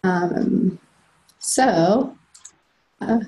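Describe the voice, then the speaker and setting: Vrouw die aarzelend een lezing geeft. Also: female voice, medium pitch, very slow, warm tone, poor audio. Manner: hesitant, many fillers and restarts. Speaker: presenter at a telehealth training. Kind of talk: recorded slide-lecture presentation.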